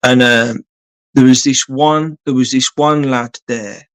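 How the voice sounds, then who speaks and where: A man's voice: mid-range voice, steady tone, slow, fairly bright tone, clean tone. Casual male streamer: blunt, sweary, rambling, mid-range voice, lots of ums and uhs. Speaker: live streamer. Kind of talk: casual live-stream storytelling.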